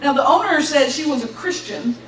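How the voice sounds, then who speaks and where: A young woman with a high voice tells her testimony in a church hall, animated and quick to laugh as she acts out each voice in her story. She sounds distant from the mic, and the room rings with echo under a faint hiss. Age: young adult. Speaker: graduate giving a testimony.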